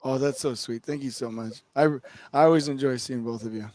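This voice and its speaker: A man's voice: mid-range voice, steady tone, brisk, darkish tone, no room sound. A man on an online conference panel, effusive and openly emotional as he praises and asks questions.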